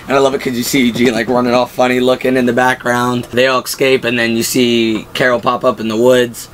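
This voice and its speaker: Excitable man recapping a show. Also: medium pitch, fairly quick, a little hiss or hum. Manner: excitable, acts out quotes from the show. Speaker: video host. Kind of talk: casual TV episode recap.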